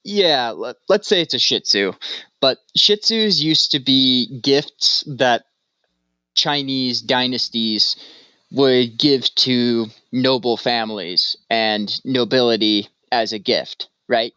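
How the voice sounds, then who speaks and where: A man's voice: mid-range voice, slow, pushed and bright, clean tone, no room sound, highs cut off. A man co-hosting a casual podcast, rambling through stories with lots of fillers. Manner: rambling, storytelling with acted-out voices. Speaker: podcast co-host. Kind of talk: casual stoner chat.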